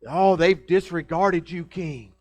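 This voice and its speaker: A pastor putting on tattling Babylonian court accusers. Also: male voice, fairly high pitch, animated, a bit bright. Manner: dramatic, tattling, drawn-out delivery.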